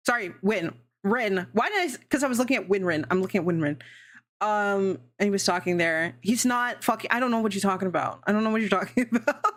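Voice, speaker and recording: Woman, streamer, casual chat, rambling, cursing, giggly, jumpy pitch, mid voice. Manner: rambling, swearing and laughing often.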